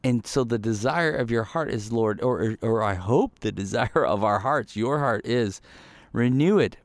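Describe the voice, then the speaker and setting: A man's voice: medium pitch, gravelly, darkish tone, no echo. A man giving a casual, conversational sermon, talking loosely with lots of "like" and "right?" asides. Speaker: preacher.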